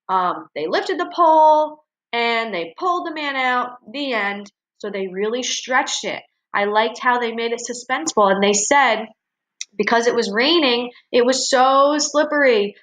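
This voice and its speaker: A woman with a high, bright voice and forceful tone teaches a recorded online class. She explains assignments step by step, often checking in with "okay" and "right."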